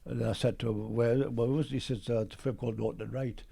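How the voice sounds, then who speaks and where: An older man with a broad Geordie accent tells his story as a guest, bringing each remembered exchange to life. His voice is gravelly and husky, and his pitch sits around the middle for a man. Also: quick pace. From Newcastle, England. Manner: lively storyteller who acts out old conversations. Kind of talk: storytelling interview.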